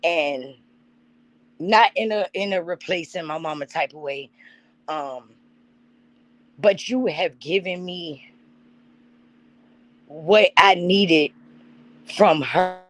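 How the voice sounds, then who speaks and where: A woman's voice: lowish voice, slow pace, long pauses, poor audio. A woman hosting a live stream, giving a heartfelt tribute and talking straight to her chat. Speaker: channel host.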